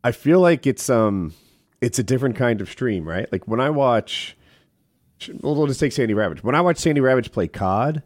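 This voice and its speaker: Animated, rambling man streamer. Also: mid-range voice, moderate pace, dry recording, studio quality. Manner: rambling, animated, laughs often. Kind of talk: casual chat.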